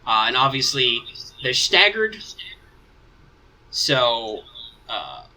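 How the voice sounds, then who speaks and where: Man with a very bright voice running a tabletop game. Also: medium pitch, sing-song, drawn-out words, low-quality recording. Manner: thinks aloud, casual and rambling. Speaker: game master.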